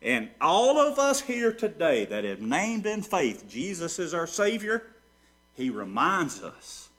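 Guy preaching a sermon, kinda high voice, goes soft then loud, asks questions n answers them. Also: wildly swooping pitch, slow pace. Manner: preaching with sweeping swings between soft and loud. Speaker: pastor.

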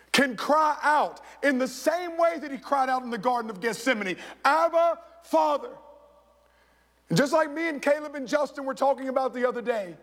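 A man's voice: very high-pitched, a bit bright. A man preaching a sermon as pastor, telling stories and acting out the voices of the people in them. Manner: storytelling preacher, acts out quoted voices. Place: church sanctuary. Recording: echoey church hall.

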